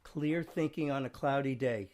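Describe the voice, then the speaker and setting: A man's voice: mid-range voice, moderate pace, a little mellow. A man hosting a casual studio chat show, rambling and chuckling as he reads out jokes. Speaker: show host.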